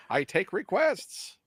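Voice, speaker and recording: A man hosting a casual chat while opening toys, with a lively, jokey way of talking. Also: sits high, slightly rough, no room sound. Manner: lively, jokey, reads packaging aloud. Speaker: host.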